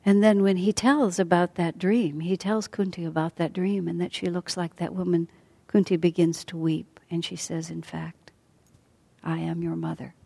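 A woman teaching a class as a storyteller, speaking softly and often sinking to a near whisper. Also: fairly low pitch, fairly even intonation, normal speed, few pauses. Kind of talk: storytelling lesson.

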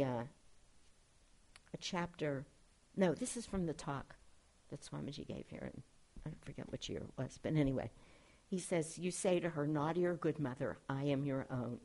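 Middle-aged woman, low mellow voice, gentle earnest spiritual teacher talking to her group. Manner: earnest, gentle, reads quotations aloud. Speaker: spiritual director. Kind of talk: informal spiritual class talk.

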